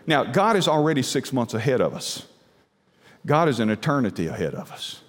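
A man preaching a sermon, emphatic, with rhetorical questions and sudden drops to a hushed low voice. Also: very animated, fairly quick, long reverb tail. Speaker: pastor.

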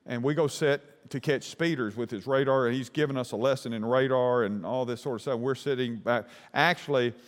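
A man preaching in a folksy, rambling storytelling manner, with a voice of middling pitch. His words carry a long reverb tail from a large hall. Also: a little fast, hardly any pauses. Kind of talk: sermon storytelling.

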